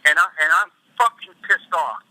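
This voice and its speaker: A furious man rants and curses in a private meeting. His voice sits high and sounds hard and strained. The recording is dry and close. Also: big pitch swings, moderate pace, sharp tone, dry recording, low-quality recording. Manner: furious, profane, repeating himself. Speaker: mayor. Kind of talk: angry rant in a private meeting.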